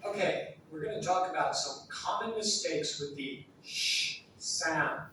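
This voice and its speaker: A man giving a scripted pronunciation lesson, showing the sounds clearly. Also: fairly high pitch, measured pace, sharp tone. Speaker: pronunciation teacher in a played video. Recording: echoey room, far from the mic, noisy.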